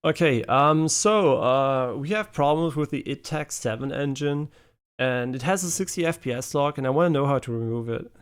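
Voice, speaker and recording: A man's voice: medium pitch, lively intonation, moderate pace, smooth. A man streaming a game, chatting casually with a voice assistant in a pushy, joking way. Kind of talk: casual gaming stream chat.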